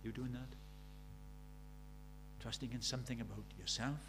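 An older man preaching a sermon, earnest, swinging between quiet reflection and emphatic, pleading passages. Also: mid-range voice, fairly even intonation, moderate pace, background noise. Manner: earnest, swinging between soft and emphatic, acts out quoted prayers.

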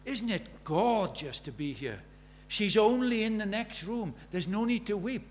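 A man mimicking a smooth-talking vicar who cheerfully comforts mourners at a funeral. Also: high-pitched, animated, measured pace, voice pushed up. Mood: breezy. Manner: breezy and falsely cheerful.

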